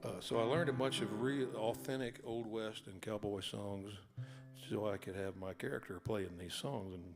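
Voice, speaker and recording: A man's voice: lowish voice, steady tone, normal speed, gravelly. A man, an author and singer-songwriter, telling folksy, rambling stories between songs at a live concert hall. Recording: long hall reverb with guitar.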